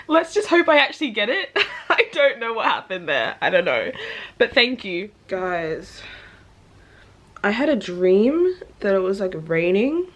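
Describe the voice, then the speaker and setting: A woman telling stories in a casual reading vlog, chatty and animated, acting out what people said and laughing often. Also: mid-range voice. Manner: chatty storytelling, acts out quotes, laughs often. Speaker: book vlogger.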